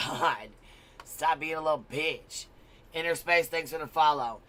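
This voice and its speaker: Bright-voiced man reading chat. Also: a little high, a little slow. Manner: reads out chat comments. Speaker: livestream co-host reading chat.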